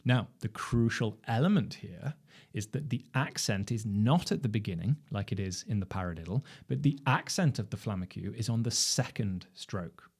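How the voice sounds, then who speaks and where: A man with a fairly low voice gives a drum lesson in a steady, explanatory way. He lays out each point carefully and raises rhetorical questions to lead the listener along. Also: normal speed, slightly rough. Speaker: drum instructor. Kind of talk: instructional lecture.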